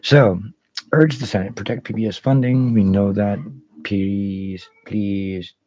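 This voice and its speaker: A man's voice: on the low side, normal speed, a little mellow, husky, no echo, low-quality recording. A man hosting a casual livestream, rambling and swearing freely while greeting viewers by name. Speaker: livestream host.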